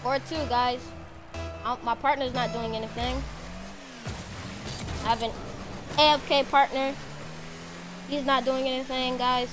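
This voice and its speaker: Female streamer, high-pitched, excitable play-by-play over loud game music. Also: unhurried, long pauses. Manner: excitable, shouts at teammate. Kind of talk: live gameplay commentary.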